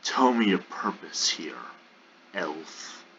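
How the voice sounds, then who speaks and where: A man doing a gruff orc leader. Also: sits low, animated, slow pace, bright, forceful tone, dull audio, slight background noise, voice pushed down, full character voice. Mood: stern. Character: gruff male orc leader, blunt but apologetic.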